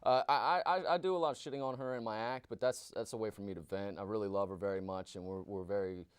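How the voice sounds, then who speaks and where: A man's voice: on the low side, quick pace, smooth, no echo. A man and stand-up comedian, first answering interview questions, then doing a profane, rambling, self-mocking set in a small comedy venue on a handheld mic. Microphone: handheld stage mic.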